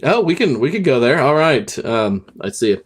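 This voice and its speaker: A man's voice: medium pitch, big pitch swings, moderate pace, breathy edge. Man joking around on a panel. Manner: self-deprecating joking. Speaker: co-host on a witch movie panel. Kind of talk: casual panel chat.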